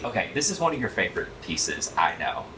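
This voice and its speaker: A man's voice: low voice, fairly quick. A man giving a casual closet tour, chatting and telling stories with frequent laughs. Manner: animated storyteller, laughs often. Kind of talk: casual chat. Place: home closet, echoey room. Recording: roomy, distant, faint noise.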